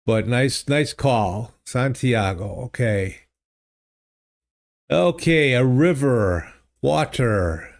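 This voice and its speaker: A man hosting a livestream, chatting casually and thinking aloud in a halting, easygoing way while playing a geography game. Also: medium pitch, lively intonation. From United States. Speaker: livestream host. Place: home streaming studio. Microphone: studio desk microphone.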